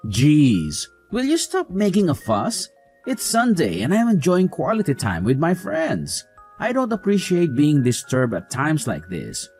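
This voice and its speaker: A man's voice: fairly high pitch, wildly swooping pitch, unhurried, a little mellow, exaggerated voice. An actor playing a dismissive, mocking husband who defends his mother, over faint music. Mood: indignant.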